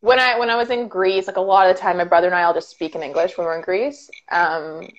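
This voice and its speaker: A woman's voice: on the low side, steady tone, fast, highs cut off. A woman in her late twenties, a guest trading playful jokes in casual chat over a video call. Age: late 20s. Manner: playful, jokey.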